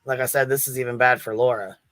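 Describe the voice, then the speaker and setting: A man's voice: medium pitch, fairly even intonation, fast, a bit bright, no room sound, faint music behind. A man reacting to a clip as a commentator, indignant and profane, often stammering as he repeats himself.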